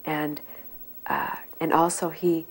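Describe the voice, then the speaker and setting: An older woman telling memories in a soft, unhurried way, often pausing to search for words. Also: low voice, flat delivery, low-quality recording. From United States. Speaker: interviewee. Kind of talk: reminiscing storytelling.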